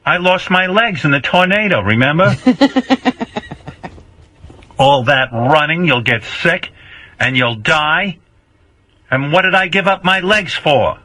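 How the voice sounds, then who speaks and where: A man's voice: on the high side, expressive, takes it slowly, pauses often, sharp tone, dry recording, pitched above the performer's own voice, exaggerated voice, rough recording. Man doing a whiny guilt-tripping old mother. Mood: nagging. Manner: whiny, theatrical, repeats complaints. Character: nagging guilt-tripping older mother, martyr. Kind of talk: comic improvised impression.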